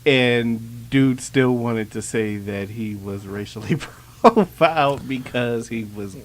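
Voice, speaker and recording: A man's voice: medium pitch, slow pace. A man co-hosting a podcast in casual chat, explaining a clip for listeners. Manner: chatty, explains for listeners, laughs often. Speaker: podcast co-host.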